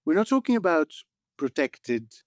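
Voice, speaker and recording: A man's voice: a little high, very animated, normal speed, dry recording, clean studio sound. Wry man co-hosting a podcast. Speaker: podcast co-host. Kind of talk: casual news chat.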